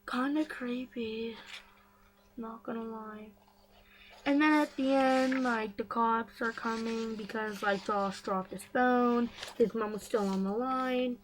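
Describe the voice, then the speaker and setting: A woman's voice: a little high, fairly even intonation, measured pace, hardly any pauses, rough recording. A woman vlogger casually recapping a story, chatty and full of fillers and gossipy asides.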